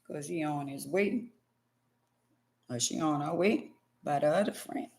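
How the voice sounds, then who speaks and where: A woman doing a comedic monologue in slang, acting out an argument between partners in loud and quiet turns. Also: low voice, measured pace, gravelly, pauses often. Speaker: comedic vlogger.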